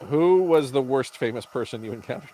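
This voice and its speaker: A man hosting a casual chat while opening toys, with a lively, jokey way of talking. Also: medium pitch, brisk. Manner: lively, jokey, reads packaging aloud. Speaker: host.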